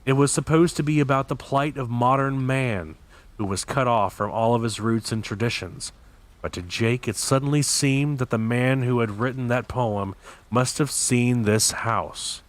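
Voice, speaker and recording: A man reading a novel aloud as host of his channel, in a steady, deliberate way with occasional slips. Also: mid-range voice. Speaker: audiobook reader.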